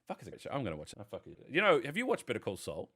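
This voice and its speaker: A man's voice: medium pitch, wildly swooping pitch, rapid-fire, fairly bright tone. A man, chatting casually on a podcast and rambling enthusiastically, with lots of swearing. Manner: profane, rambling enthusiastic storyteller. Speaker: podcast panelist. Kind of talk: casual chat.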